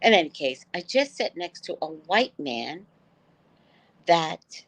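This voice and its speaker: A woman hosting a casual livestream, telling an animated story and acting out other people's lines in voices. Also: low voice, a little slow, husky, no room sound. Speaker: vlog host.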